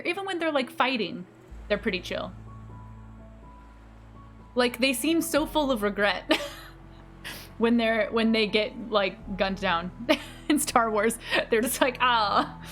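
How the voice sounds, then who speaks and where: A woman game streamer with a slightly high, somewhat bright voice chats casually with her viewers. She's bubbly and giggly, laughs often, teases herself, and reacts to chat.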